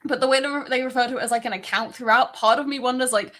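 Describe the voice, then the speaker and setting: A woman joins a casual chat and jokes about the clips. Her voice is high and bright, with a sharp edge. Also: fairly even intonation, racing.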